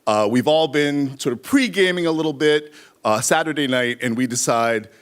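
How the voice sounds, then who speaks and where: A middle-aged man telling a live story on stage, animated, acting out shouted quotes. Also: mid-range voice, normal speed, clear, resonant tone.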